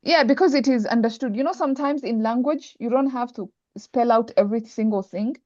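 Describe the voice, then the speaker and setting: A woman's voice: fairly high pitch, a little fast, darkish tone, no echo. A woman teaching Arabic grammar in an online class, patient and full of examples, with a dull, dry video call sound. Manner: patient, explains with examples, many restarts.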